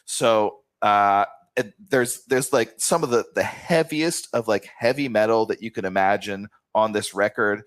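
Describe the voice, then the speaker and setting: An eager man co-hosting a podcast, his speech loose and peppered with "like" and swearing. His voice sits on the lower side. The sound is dry and close-miked. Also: a little slow, dry recording. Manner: enthusiastic, swears casually, heavy use of "like". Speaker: podcast co-host. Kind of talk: casual review chat.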